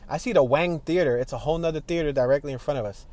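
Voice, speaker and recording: A man's voice: on the high side, racing, darkish tone. A man giving casual running commentary while driving through city streets, chatty and laughing often. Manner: chatty, laughs often, talks to people outside the car. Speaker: driving tour vlogger. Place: inside a car in city traffic.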